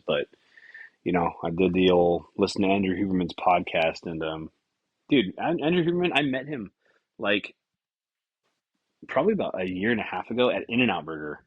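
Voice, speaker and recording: A man with a deep, slightly husky voice talks through a rambling solo podcast, swearing freely and losing his own thread. The sound is dry and close, a little dull and lo-fi. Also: no room sound. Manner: casual, profane, scattered and self-interrupting. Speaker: podcast host.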